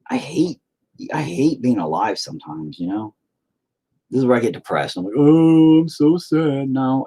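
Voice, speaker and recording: A man's voice: lowish voice, darkish tone, breathy edge. A man rambling to himself while painting, profane and self-deprecating. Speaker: painter talking to camera. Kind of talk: rambling casual monologue.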